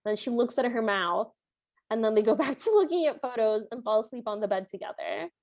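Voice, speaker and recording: A woman with a slightly high voice recaps a film on a podcast. She talks casually, stringing her thoughts together with plenty of filler words. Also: animated, brisk, darkish tone. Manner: chatty, filler-heavy storytelling with frequent "like". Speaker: podcast co-host.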